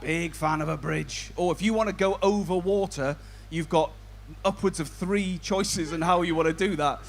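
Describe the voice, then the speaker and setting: Young man, compere at a tent gig, high voice, chatty crowd work, faint noise behind. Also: normal speed. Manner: chatty, self-mocking, loud announcing. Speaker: comedy compere. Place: outdoor tent at a live gig.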